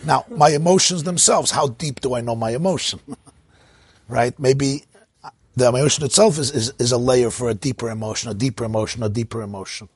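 A man's voice: mid-range voice, a little fast, dry recording. A man teaching an informal Torah talk at a gathering, telling stories, laughing often and mixing in Hebrew and Yiddish terms. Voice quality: husky. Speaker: rabbi teaching.

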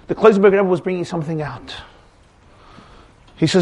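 A man's voice: sits high, a little fast, pauses often, darkish tone. A man giving a dramatic religious lecture, acting out dialogues with rising emphasis. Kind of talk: animated Torah lecture with acted dialogue.

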